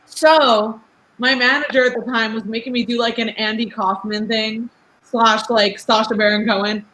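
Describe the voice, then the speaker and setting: A young woman in her twenties talks fast and freely, with many "like" fillers and frequent laughs. Her voice is bright and forward. She comes across as outspoken, in a relaxed podcast chat. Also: on the high side, rough recording. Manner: fast, chatty, lots of "like" fillers. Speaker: guest, rapper.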